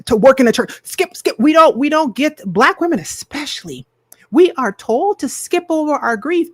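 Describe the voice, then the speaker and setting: A woman's voice: medium pitch, no echo. Emphatic woman in her forties, dry sound. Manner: emphatic, repeats key phrases, addresses viewers directly. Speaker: host of a live healing session. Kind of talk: casual live-stream talk to viewers.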